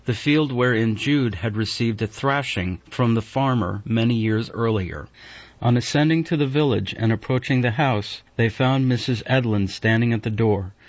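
A man narrating a classic novel in a measured, even reading. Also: mid-range voice, no echo. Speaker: audiobook narrator. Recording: dull, dry audiobook recording.

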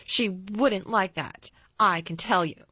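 Lady reading as a bossy spoiled boy, slow and grand, kinda muffled. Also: medium pitch, animated, sharp tone, no room sound. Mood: commanding. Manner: slow, haughty and demanding. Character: imperious sickly young boy, spoiled and commanding. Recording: slightly dull dry recording.

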